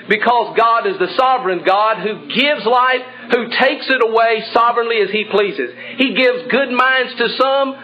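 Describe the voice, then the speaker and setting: A man preaching a sermon in an earnest manner, building to emphatic points. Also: sits high. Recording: muffled lo-fi sermon recording.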